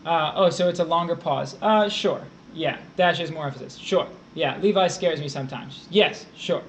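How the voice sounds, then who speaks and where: A test prep tutor with a high-pitched male voice teaches a grammar lesson on a live stream at a moderate pace. He goes through punctuation rules step by step, pausing to answer viewers in chat, with a faint hiss beneath his voice.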